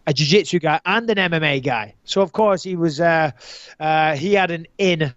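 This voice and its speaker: A man hosting a podcast, telling stories in an animated, joking way and swearing freely. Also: fairly high pitch, moderate pace, no echo, lo-fi sound. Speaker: podcast host. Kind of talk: casual podcast chat.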